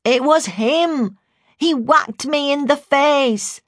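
A woman's voice: sits high, a bit bright, dry recording, studio quality, pitched above the performer's own voice. A woman doing a wailing little girl. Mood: wailing, upset. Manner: slow, wailing, muffled. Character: distressed little girl in pain, hostile.

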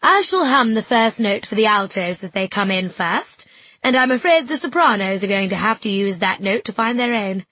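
A woman voicing an unflappable choir mistress who speaks jauntily and with brisk confidence. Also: medium pitch, expressive, bright, forceful tone, dry recording. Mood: jaunty.

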